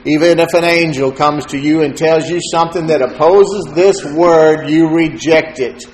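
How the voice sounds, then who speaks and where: A man delivers a sermon with fervor, quoting scripture and speaking to congregants by name. His voice sits a little high. The room is echoey, with a faint hum of noise behind him. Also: normal speed, darkish tone. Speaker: pastor.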